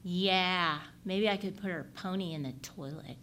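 Woman as angry crying small boy, loud and wailing, parenting role-play. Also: on the low side, unhurried, a little hiss or hum. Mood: sulky. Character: upset five-year-old boy, crying and angry.

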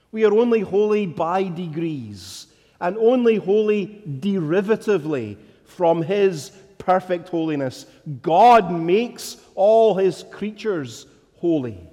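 Slow, emphatic preacher in a reverberant hall. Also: male voice, high-pitched, dark tone. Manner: deliberate, rising to emphatic declarations. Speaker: pastor. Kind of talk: sermon.

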